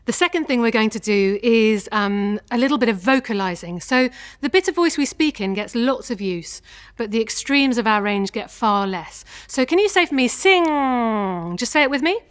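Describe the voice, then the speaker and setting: A woman with a fairly high voice leads a singing warm-up, talking learners through each exercise step by step. She shows each sound before asking them to copy it, and her tone stays encouraging throughout. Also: animated, normal speed. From England. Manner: encouraging, clear instructions, demonstrates sounds. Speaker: singing teacher. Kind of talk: vocal warm-up lesson.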